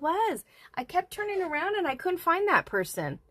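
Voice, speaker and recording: A woman hosting a casual crochet livestream, counting stitches softly under her breath and chatting with viewers. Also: very high voice, very animated, normal speed, no echo. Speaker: livestream host.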